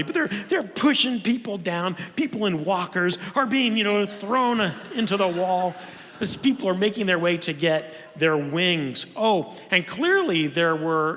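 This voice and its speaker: Lively, high-voiced male lecturer in a hall. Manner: animated storytelling, frequent restarts. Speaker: conference speaker. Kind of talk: humorous lecture. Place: church auditorium. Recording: long reverb of a church hall.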